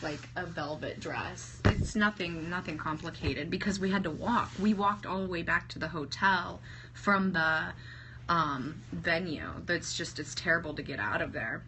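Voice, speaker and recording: A woman in her thirties gushing excitedly to livestream viewers, talking to them by name, her throat sore from singing. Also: fairly low pitch, moderate pace. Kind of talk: casual livestream chat. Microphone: phone held at arm's length. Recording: phone livestream with faint ambient noise.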